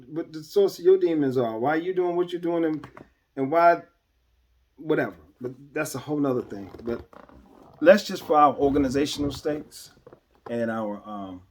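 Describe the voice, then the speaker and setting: A man's voice: fairly high pitch, slight background noise. A man hosting a podcast, talking to listeners in an earnest, emphatic, preacherly way, stressing key words and restarting phrases. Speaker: podcast host. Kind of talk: unscripted commentary monologue.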